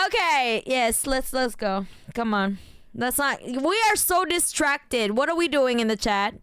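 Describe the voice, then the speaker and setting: Giggly high-voiced woman streamer, slow. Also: animated, fairly bright tone, clear, resonant tone, dry recording, studio quality. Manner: giggly, reacts to chat with mock outrage. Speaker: streamer reacting to news and chat. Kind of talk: casual live-stream chat.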